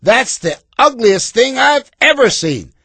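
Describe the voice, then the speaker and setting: A man's voice: very high voice, very animated, unhurried, pushed and bright, husky, no room sound, studio quality, pitched above the performer's own voice, exaggerated voice. A man voicing a cruel, mocking young male critter in a children's storybook reading. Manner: sneering, scoffing.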